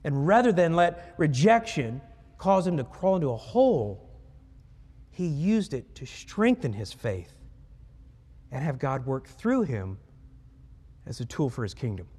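A male pastor preaches in a big church hall, his voice riding up and down with animated energy. He sits slightly high for a man and explains scripture in a conversational way, acting out little dialogues. Long reverb trails after his phrases. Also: measured pace, long pauses, slightly rough. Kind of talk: sermon.

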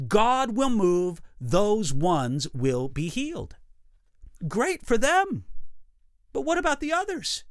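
Animated, high-voiced pastor teaching. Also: male voice, dry recording, clean studio sound. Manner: measured, emphatic teaching with repeated phrases. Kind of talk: teaching a livestream Bible talk.

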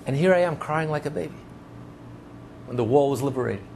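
A man's voice: fairly high pitch, a little fast, creaky, a little mellow, a little hiss or hum. A man voicing an emotional secular kibbutznik man who pleads urgently in a raised voice. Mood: overwhelmed.

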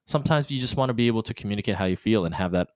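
A man's voice: on the low side, rapid-fire, no echo, studio quality. A married man talking candidly about conflict in his marriage, acting out the voices he quotes. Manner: animated, acts out quoted voices. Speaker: married guest. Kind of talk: candid conversational talk.

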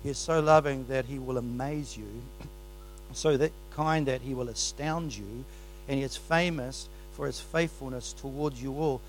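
Excitable New preacher, slightly high voice. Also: male voice, slight background noise, rough recording. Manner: exuberant, swings between soft asides and loud bursts. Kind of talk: sermon. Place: church.

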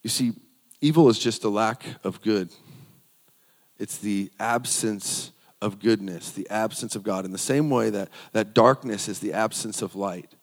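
A man's voice: lowish voice, a little slow. Preaching man in a reverberant hall. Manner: earnest, repeats phrases for emphasis, reads scripture aloud. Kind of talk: sermon.

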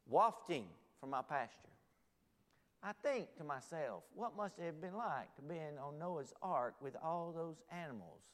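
A male pastor preaching a sermon to a church congregation, swinging dramatically between loud exclamations and hushed near-whispers. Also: on the high side, animated, measured pace. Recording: long hall reverb.

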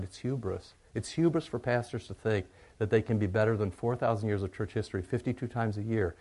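A middle-aged male pastor giving a conversational, joking sermon, moving from quiet asides to loud, animated bursts. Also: lowish voice, brisk, hardly any pauses.

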